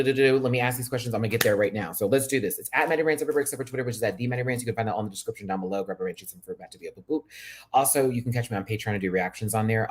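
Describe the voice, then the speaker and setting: A man hosting a casual livestream chat as a drag performer, sassy and chatty, with sudden high-pitched exclamations. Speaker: YouTube host and drag performer.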